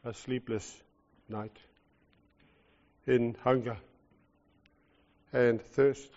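New Zealand male preacher, fairly high voice, lively and joking, dull muffled sound. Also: normal speed, long pauses, long reverb tail. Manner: animated, jokey, swings from loud to soft. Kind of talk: sermon. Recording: lo-fi muffled recording.

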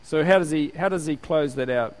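A man from New Zealand delivers a lively sermon, his voice sitting a little higher than most men's. He keeps it animated, laughing now and then and dropping into mock voices to make his points. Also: a little fast, rough recording. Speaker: pastor.

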